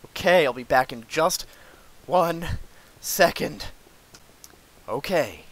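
A man's voice: a little high, lively intonation, slow pace. Frustrated, sarcastic man playing a game. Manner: frustrated, sarcastic, sudden yells at monsters. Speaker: gamer. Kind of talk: let's play commentary.

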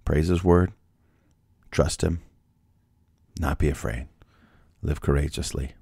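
A man hosting a devotional Bible podcast, talking in a chatty way and firing rhetorical questions at listeners. His voice is extremely deep, with a gravelly, husky fry. The sound is dry and close, with no room in it. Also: fairly even intonation, slow pace, mellow, no room sound. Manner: conversational, rhetorical questions, restarts. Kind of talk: devotional talk and prayer.

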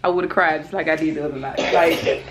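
A woman in her twenties talking in a casual unboxing vlog, excitable, breaking off to calm her kids. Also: sits low, normal speed. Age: 20s. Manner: excitable, shrieks and laughs, talks to her kids between sentences. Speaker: vlogger.

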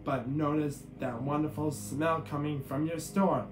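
A man's voice: on the high side, fairly even intonation, measured pace, close to an everyday voice. A man reading as a grouchy trash-loving monster. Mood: sly. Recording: echoey room with guitar music.

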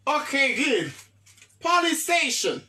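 A woman's voice: sits high, very animated, slow, sharp tone. A woman teaching an English lesson, repeating words often and checking that the class understands.

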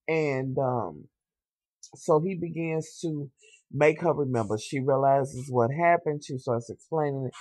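A man's voice: on the high side, dry recording. A young man, animatedly recapping a TV episode in casual slang, swearing freely and talking straight to his viewers. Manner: animated, sassy storytelling with slang and asides to viewers. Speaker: TV show reviewer.

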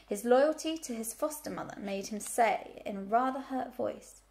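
A woman teacher reading a children's book aloud, telling the story clearly and expressively. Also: fairly high pitch, moderate pace, darkish tone.

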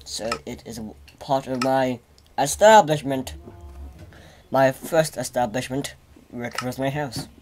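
Stammering, excitable young-sounding gamer. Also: male voice, medium pitch, slow pace, slight background noise. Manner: stammering, excitable, repeats himself. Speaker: gaming channel host. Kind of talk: let's play commentary.

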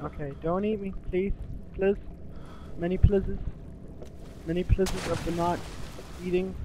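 Excitable swearing young man gaming. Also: sits high, a little slow, background noise. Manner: excitable, swears, shouts at the game. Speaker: gaming video host. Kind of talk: let's play commentary.

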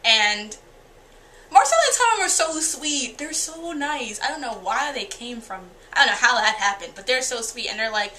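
A woman's voice: fairly high pitch, lively intonation, moderate pace, sharp tone, a little hiss or hum. A woman giving a casual, candid and profane spoken review of TV episodes, often acting out the characters' lines. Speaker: TV show reviewer.

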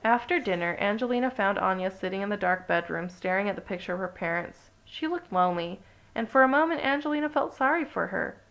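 A woman reading a children's picture book aloud with steady, expressive storytelling. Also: mid-range voice, a little fast. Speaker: storybook reader.

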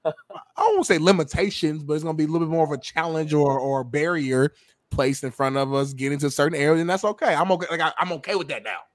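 A man co-hosting a sports talk show, talking rapidly in a casual, chatty way. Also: on the high side, fairly even intonation. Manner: rapid and talkative, defends himself at length. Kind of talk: casual chat.

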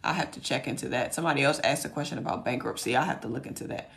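A woman hosting a casual livestream Q&A. Her voice is hoarse and cracking, and she talks in a folksy, chatty way, muttering to herself as she looks for things. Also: rumbling low, racing, few pauses, a bit bright. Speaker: host answering viewer questions.

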